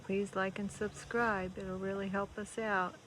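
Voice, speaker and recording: A woman filming a casual farm vlog outdoors, gently cooing praise at her horses as she feeds them. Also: medium pitch, little pitch movement, a little slow, rough recording. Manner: soft, cooing talk to the horses. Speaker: farm vlogger. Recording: windy outdoor noise.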